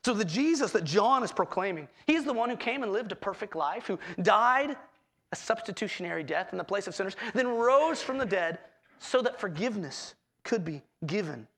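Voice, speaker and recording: A male pastor preaches a sermon expressively at a normal pace, acting out quoted voices with swings in pitch.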